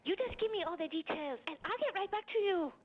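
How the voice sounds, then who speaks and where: A chirpy squeaky receptionist. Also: female voice, animated, quick pace. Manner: sugary, eager to please. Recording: dull lo-fi radio play clip.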